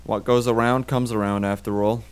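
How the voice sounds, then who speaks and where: A man's voice: fairly low pitch, flat delivery, normal speed, noisy background. A man playing a horror game on his channel, reading its text aloud and reacting with swearing and jokes. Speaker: gaming video host. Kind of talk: casual horror game commentary.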